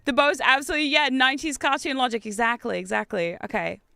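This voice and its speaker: An Australian woman streaming a game, chatting casually with viewers in an excitable, talkative way and laughing often. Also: high-pitched, fast talker, gravelly, no echo. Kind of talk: casual gameplay chat with viewers.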